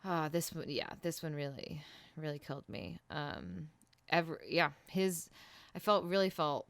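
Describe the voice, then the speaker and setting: A woman's voice: deep voice, a little slow, no echo. A woman co-hosting a podcast, recapping a TV episode in a rambling, casual chat full of fillers and restarts. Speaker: podcast co-host. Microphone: desk mic.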